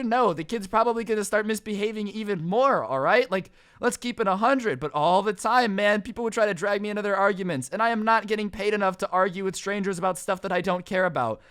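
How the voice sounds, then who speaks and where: A man's voice: high voice, fairly bright tone, smooth, dry recording, studio quality. A young man telling a comedic storytime rant, exasperated and sarcastic.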